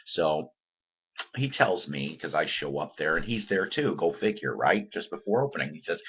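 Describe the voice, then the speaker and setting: Very deep, husky-voiced man chatting casually. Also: very animated, moderate pace, lo-fi sound. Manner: rambling, repeats words and restarts, addresses viewers as guys. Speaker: host of a record-collecting show. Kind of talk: casual chatty monologue to viewers. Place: room at home.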